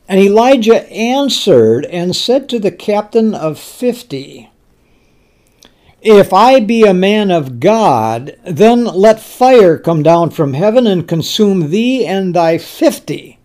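A man's voice: high-pitched, very animated, slow, darkish tone. A man preaching a sermon, retelling scripture with frequent restarts and repeated words, and voicing the king with rising anger.

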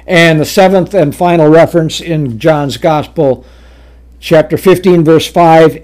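A man preaching a sermon, reading scripture aloud and explaining it deliberately with frequent fillers and restarts. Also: on the high side, a little mellow.

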